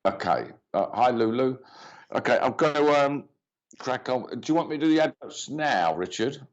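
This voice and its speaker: A man's voice: mid-range voice, animated, moderate pace. Chatty man with dull lo-fi sound. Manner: rambling, chatty, greets viewers by name, many fillers. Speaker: medium hosting a live reading show. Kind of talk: live-stream chat and mediumship reading. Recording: dull lo-fi stream audio.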